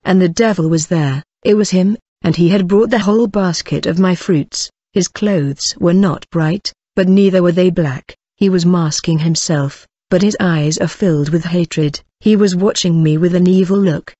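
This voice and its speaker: A woman's voice: on the low side, moderate pace, hardly any pauses, mellow, slightly rough, no room sound. Earnest woman giving a religious testimony. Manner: earnest, addresses listeners directly. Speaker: testimony speaker. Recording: dull dry lo-fi recording.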